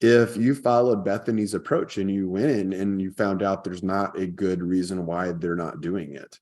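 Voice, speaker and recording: A man's voice: sits low, normal speed. A man hosting a podcast in casual chat, telling stories and acting out quoted lines with energy. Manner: storytelling, animated when quoting. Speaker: podcast host.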